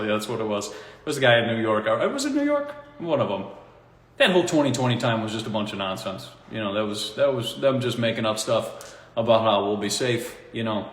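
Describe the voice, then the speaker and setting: Rambling man in an echoey room. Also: mid-range voice. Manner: rambling and animated, laughs at his own points, mocking quoted voices. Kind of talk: casual monologue. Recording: echoey room with long reverb.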